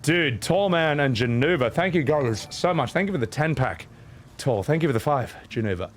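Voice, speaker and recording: A man in his thirties, out of breath, chatting casually on his stream and shouting out thanks to his viewers. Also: a little high, expressive, moderate pace, slight background noise. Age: 30s. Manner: breathless, thanking chat with loud shout-outs.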